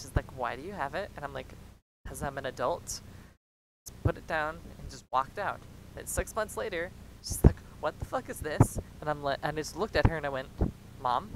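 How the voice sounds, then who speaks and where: Young woman ranting a story, swears a ton, pitch bouncing all over, low rumble humming underneath. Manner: rambling, heavy swearing, acts out quotes. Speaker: streamer telling a story. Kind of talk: casual storytelling vlog. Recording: clear low rumbling noise behind.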